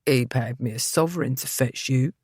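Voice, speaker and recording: A woman's voice: very deep voice, steady tone, a little slow, darkish tone, dry recording, clean studio sound, pitched below the performer's own voice. A woman voicing a surly, hostile young male servant who mutters sullenly.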